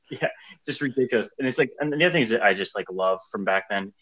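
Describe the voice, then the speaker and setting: A man co-hosting a casual movie chat who talks in halting restarts and laughs. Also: medium pitch, lively intonation, fairly bright tone, lo-fi sound. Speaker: podcast co-host.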